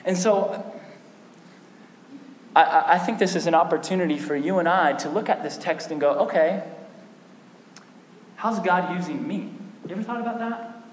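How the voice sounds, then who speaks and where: A man preaching a sermon in an animated way, with repeated restarts and sudden bursts of emphasis. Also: high-pitched, a little fast, pauses often. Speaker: pastor. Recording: echoey hall with long reverb.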